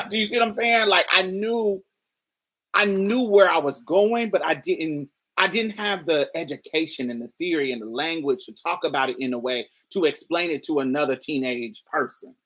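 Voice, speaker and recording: A woman's voice: low-pitched, moderate pace, a bit bright. A woman telling a personal story in a candid, casual way, swearing freely and laughing often. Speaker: storyteller host.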